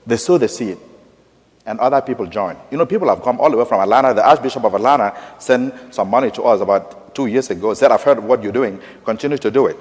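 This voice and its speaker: A male pastor with an African accent preaching a sermon, swinging between hushed lines and loud, emphatic ones. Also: medium pitch, fast, hardly any pauses, husky. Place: large church. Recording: long church reverb.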